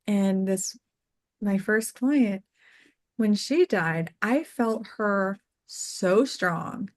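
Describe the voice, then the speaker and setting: A woman with a mid-range voice tells personal stories as a guest on an interview show. She speaks earnestly and from the heart, scattering "like" through her sentences. Her voice goes soft and quiet on the tender moments. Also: medium pitch, drawn-out words. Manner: earnest and heartfelt, peppered with "like" fillers. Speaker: death doula, podcast guest. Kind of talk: casual interview storytelling.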